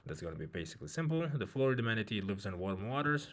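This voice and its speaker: A man's voice: lowish voice, very animated, fast talker, a bit bright. A man working through an exam reading passage, thinking aloud with many fillers and restarts. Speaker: IELTS tutor. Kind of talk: walkthrough of a reading test.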